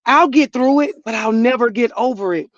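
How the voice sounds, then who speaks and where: A woman's voice: fairly high pitch, normal speed, lo-fi sound, crowd noise. A middle-aged woman, a grieving mother, telling her story in an earnest, church-flavored way, sometimes rising to emphatic outbursts. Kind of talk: emotional personal testimony.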